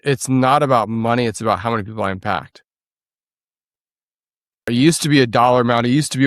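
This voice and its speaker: A man's voice: medium pitch, a little fast, pauses often, no echo, studio quality. A man speaking as a podcast guest, explaining his work in a direct, matter-of-fact way. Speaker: podcast guest, agency founder. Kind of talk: casual interview chat.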